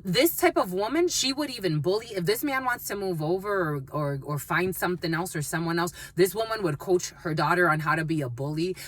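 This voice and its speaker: A woman's voice: fairly low pitch, fairly bright tone. A woman giving a channeled tarot reading, blunt and emphatic, swearing freely and repeating phrases. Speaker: tarot reader.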